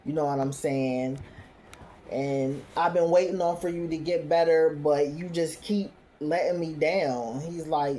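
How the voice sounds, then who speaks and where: A woman's voice: on the low side, a little slow, dark tone. A woman giving a casual recap of a TV episode, retelling scenes loosely and quoting the characters as she goes. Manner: retells scenes loosely, quoting characters, with frequent "you know what I'm saying". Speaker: TV recap host.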